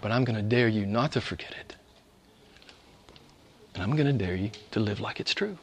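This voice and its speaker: A man preaching a sermon to a live congregation, exhorting with rhetorical questions and dropping to hushed whispers before rising to fervent shouts. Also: fairly low pitch, lively intonation, normal speed, a little hiss or hum.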